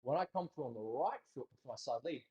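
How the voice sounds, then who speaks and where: A man teaching a dance class in a studio, talking casually and in an animated way, joking bluntly and swearing now and then. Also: mid-range voice, fast, highs cut off. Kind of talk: casual instructional talk.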